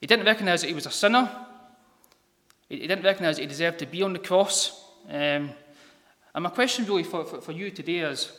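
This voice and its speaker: A man delivers an informal gospel sermon in a church hall, stumbling over his words and filling pauses with ums. His voice sits a little high for a man. The hall gives each phrase a long, reverberant tail. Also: sharp tone. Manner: halting, many ums and repeated words. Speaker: lay preacher.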